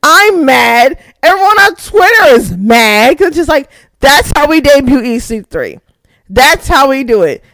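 Slow-talking excitable young woman. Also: high-pitched, no echo. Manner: excitable, laughing, swears freely. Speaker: podcast host. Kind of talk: casual wrestling recap.

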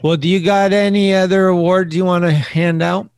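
A man's voice: high-pitched, steady tone, normal speed, darkish tone, a little hiss or hum. A man hosting a casual chat, laid-back, mostly short interjections.

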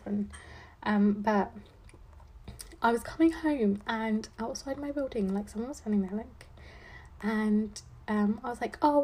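A woman's voice: mid-range voice, warm tone, husky. A woman in her twenties hosting a podcast, chatting casually with lots of fillers and dry sarcasm. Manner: rambling, filler-heavy, with frequent "like" and "um"; playful sarcasm. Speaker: podcast host, law student. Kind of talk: casual chat.

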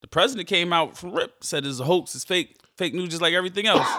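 Bright-voiced young man ranting casually. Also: high voice, dry recording, studio quality. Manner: excitable, profane, quick rants. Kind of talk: casual chat.

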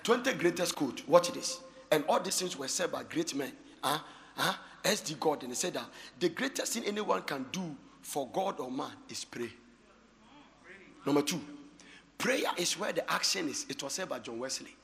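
Pastor guy preaching, swings soft to shouting, voice jumps all over. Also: a little high, animated, moderate pace, gravelly, big-room sound. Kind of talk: sermon.

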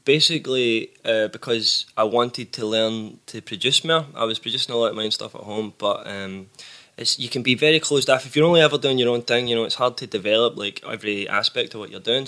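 In a casual podcast chat, a young Glaswegian musician appearing as a guest tells stories, laughing easily and swearing now and then. His voice is fairly low-pitched with a sharp tone.

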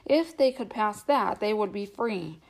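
A woman narrates a novel aloud in a steady, measured storytelling manner. Her voice sits at a middling pitch for a woman, and she reads unhurriedly. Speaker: audiobook narrator.

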